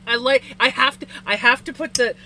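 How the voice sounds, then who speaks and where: There's a little hiss or hum in this rough recording from a streaming setup, where a woman with a high, bright, forceful voice speaks at a moderate pace. Giggly and laughing often between words, she chats casually with viewers while spinning wool.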